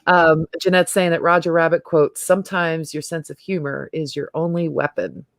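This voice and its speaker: A woman's voice: low voice, fairly even intonation, normal speed, dry recording, studio quality. A middle-aged woman hosting a casual livestream chat, talking freely and laughing often. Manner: chatty, laughs often, trails off and restarts. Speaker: host.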